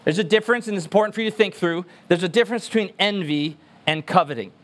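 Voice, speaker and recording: A man's voice: sits high, quick pace, fairly bright tone. A man preaching a sermon as pastor, emphatic and earnest, repeating words for stress.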